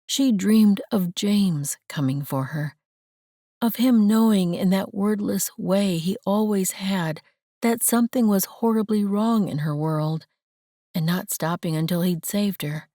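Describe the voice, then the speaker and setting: Woman reading an audiobook slow and steady, lowish voice, dry close mic. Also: no room sound. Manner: measured, gentle storytelling. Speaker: audiobook narrator. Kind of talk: scripted narration.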